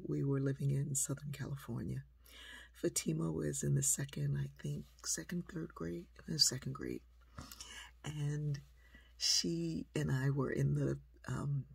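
A woman telling a personal story in a lively, conversational way, acting out the people in it. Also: a bass voice, measured pace, creaky, husky, no room sound. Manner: lively, conversational, acts out quotes. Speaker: speaker, storyteller.

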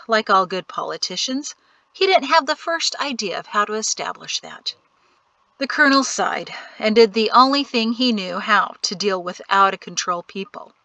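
A woman narrating an audiobook chapter in a steady storytelling manner. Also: mid-range voice, no room sound, poor audio. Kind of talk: scripted narration.

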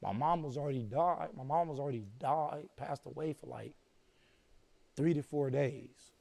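Middle-aged guy, gravelly and dark, subdued, keeps going "you know what im saying". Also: medium pitch, moderate pace, no room sound. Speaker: interview guest. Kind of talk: personal storytelling in an interview.

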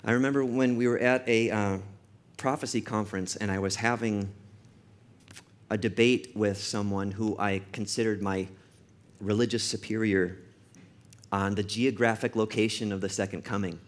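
A man's voice: fairly low pitch, steady tone. Emphatic male pastor preaching. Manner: emphatic, with slowed-down stressed phrases and repetition for effect; storytelling asides in a quick conversational tone. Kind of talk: sermon.

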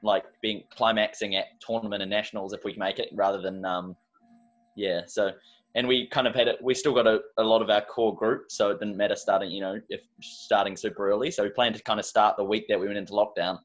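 A New Zealand man, a basketball coach, talking in a quick, matter-of-fact way. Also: on the low side, steady tone, highs cut off. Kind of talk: casual chat.

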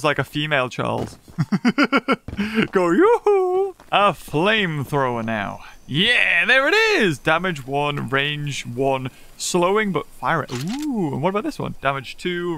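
A man playing a horror game and commenting on it, excitable, often gasping and laughing and reading in-game notes aloud. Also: fairly high pitch, a little hiss or hum. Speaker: gaming YouTuber. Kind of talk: let's play commentary.

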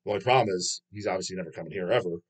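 A man's voice: deep voice, rapid-fire, husky. A man hosting his own channel, reading viewer comments aloud and answering them in a rambling, profane way, laughing often. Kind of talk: casual chat.

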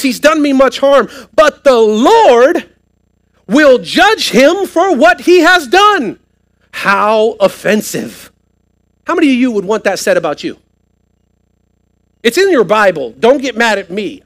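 High-voiced preaching pastor. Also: male voice, fairly bright tone. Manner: preaching with rising emphasis, asking the congregation questions. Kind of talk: sermon. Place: church sanctuary, live service.

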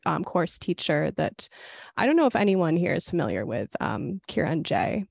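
A woman facilitating a group discussion on a video call, speaking in a gentle, inviting way. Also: fairly low pitch, vocal fry, husky, dry recording, studio quality.

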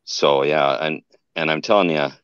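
Deep voiced guy rambling thru his story, keeps correcting himself, dull dry call audio. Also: normal speed, fairly bright tone, slight background noise. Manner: rambling, restarts and self-corrections. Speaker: guest telling an encounter. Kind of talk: casual storytelling.

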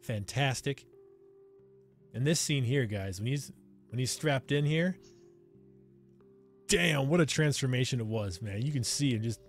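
An excited man hosting a casual movie review, speaking at an ordinary middle pitch. He addresses his viewers directly and keeps checking in with them. Soft music plays faintly underneath. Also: unhurried, long pauses. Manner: enthusiastic, talks straight to viewers, keeps asking "right?". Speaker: movie review channel host.

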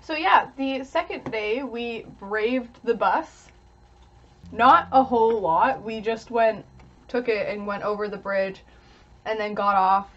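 A woman's voice: fairly high pitch, slow, highs cut off. A young woman, talking casually to camera while eating, chatty with little giggles. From Canada. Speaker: vlogger.

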